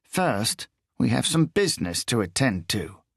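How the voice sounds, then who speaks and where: A man's voice: mid-range voice, very animated, measured pace, gravelly, a bit bright, husky, no room sound, clean studio sound, heavily acted. A man voicing a smug, sadistic male gunman in an audiobook, with a sneering, gloating, crude manner. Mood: taunting. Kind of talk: audiobook character voice.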